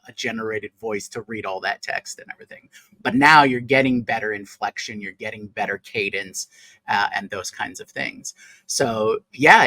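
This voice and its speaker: A man co-hosts a relaxed talk show, working out his thoughts as he speaks, with fillers and restarts. His voice sits in a mid range. The sound is dry and close, with no room echo. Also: mid-range voice. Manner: thinks aloud with many fillers and restarts. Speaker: co-host. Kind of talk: casual chat.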